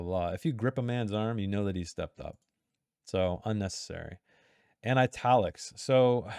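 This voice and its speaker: A man's voice: on the low side, darkish tone, dry recording, studio quality. A man talking through editing notes in a casual, chatty way, breaking off mid-sentence and reading passages aloud. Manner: chatty, self-interrupting, reads passages aloud. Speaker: writer giving editing critique. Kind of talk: casual critique reading from a text.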